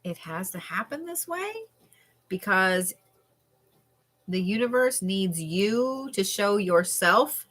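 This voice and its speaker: A woman doing a chatty, animated live-stream card reading as a tarot reader. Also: mid-range voice. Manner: chatty and animated, with frequent laughs and yawns.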